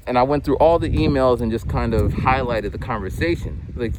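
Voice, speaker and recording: A man's voice: mid-range voice, moderate pace. A man in his forties telling a meandering story while walking home outdoors, full of restarts and casual swearing. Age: 40s. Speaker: vlogger. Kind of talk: rambling casual monologue. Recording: outdoor recording with wind noise.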